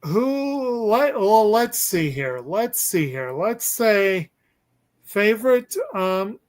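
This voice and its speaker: A man's voice: high-pitched, sing-song, takes it slowly. A man hosting a casual movie discussion, rambling and hesitant with lots of ums and restarts. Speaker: podcast host.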